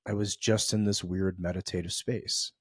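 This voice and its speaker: A man's voice: sits low, level tone, moderate pace, slightly rough, no room sound, studio quality. A middle-aged man from the US East Coast hosting a podcast, telling a reflective story in a loose, conversational way with many fillers and restarts. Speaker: podcast host.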